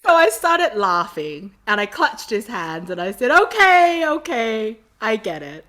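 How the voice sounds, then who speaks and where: A woman's voice: mid-range voice, very animated, moderate pace, pushed and bright. A woman from Sydney, a podcast guest telling stories animatedly and often laughing. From Australia. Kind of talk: casual storytelling interview.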